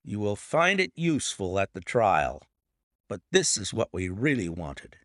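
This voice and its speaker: A male audiobook narrator voicing a cool, commanding gentleman detective who speaks crisply and precisely. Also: fairly low pitch, sing-song, unhurried, no room sound, clean studio sound, voice pushed down.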